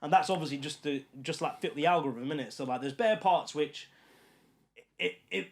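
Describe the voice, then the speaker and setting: A man with a British accent, a YouTuber guest on a podcast, telling stories in animated, casual chat full of fillers. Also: a little high, normal speed. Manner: animated storytelling, many fillers.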